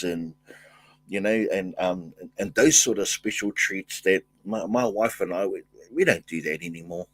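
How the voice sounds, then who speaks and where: An older man hosting a casual livestream, thanking viewers and reading their comments, talking in halting bursts with many fillers and restarts. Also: on the low side, breathy edge. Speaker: livestream host.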